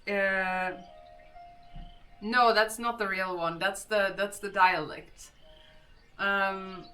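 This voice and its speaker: A woman's voice: medium pitch, sharp tone. A young woman from Gothenburg, Sweden, chatting casually with her stream viewers and answering chat. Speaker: livestreamer. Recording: distant mic with faint music.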